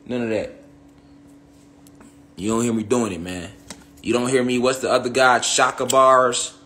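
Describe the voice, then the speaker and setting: A man's voice: mid-range voice, steady tone, moderate pace, pushed and bright. A young man delivering a heated, profane monologue rant to his online followers, repeating himself and firing off tag questions. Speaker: online spiritual commentator.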